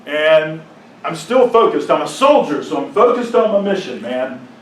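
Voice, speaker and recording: A man giving a personal testimony to a congregation, telling his story with emotion, sometimes dropping to a hushed, halting voice and sometimes rising to impassioned outbursts. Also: fairly high pitch, very animated. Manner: drops to a hushed, halting voice at painful moments. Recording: echoey room, mic at a distance.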